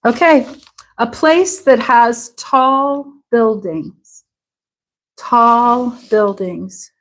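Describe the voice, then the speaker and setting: A woman teaching a live English class, speaking slowly and patiently and repeating words so students can follow. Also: fairly high pitch, rough recording. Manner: slow, patient, drawn-out repetition of words.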